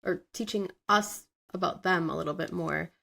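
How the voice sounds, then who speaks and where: A woman's voice: lowish voice, normal speed, creaky, fairly bright tone. A woman hosting a gaming podcast, upbeat and leading the casual chat. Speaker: podcast host.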